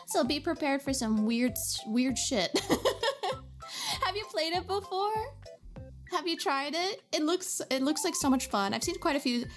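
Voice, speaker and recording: A woman livestreaming a game, chatting with her viewers in a bubbly, giggly way from a home setup. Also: a little high. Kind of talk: casual livestream chat.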